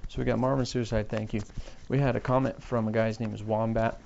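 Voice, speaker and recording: A man's voice: on the low side, level tone, a little fast, creaky, a little mellow, lo-fi sound. Podcast host, male, offhand and self-mocking, slight hiss under a home mic. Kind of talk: rambling solo podcast chat.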